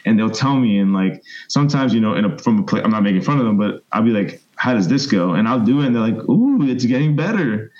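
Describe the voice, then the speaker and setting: Man, thirties, lowish voice, rambling interview guest on a slightly dull lo-fi recording. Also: fast talker, hardly any pauses. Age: 30s. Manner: rambling, animated storyteller, mimics voices. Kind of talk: casual storytelling interview.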